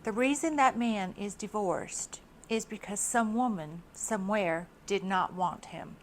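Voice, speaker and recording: A woman's voice: medium pitch, unhurried, a little hiss or hum, close to an everyday voice. A woman voicing a wise older woman with a Southern US accent, giving blunt, matter-of-fact advice. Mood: knowing.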